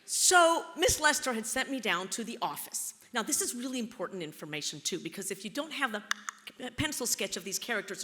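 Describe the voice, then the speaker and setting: A woman's voice: fairly high pitch, pushed and bright. A woman giving a keynote as a live storyteller, theatrical and playful, teasing her audience. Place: large auditorium. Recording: long auditorium reverb.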